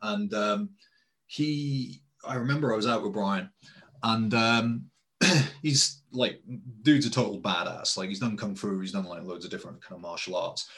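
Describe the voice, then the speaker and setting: A man's voice: lowish voice, normal speed, fairly bright tone. A man in casual conversation, telling a story with lots of fillers and quoted dialogue.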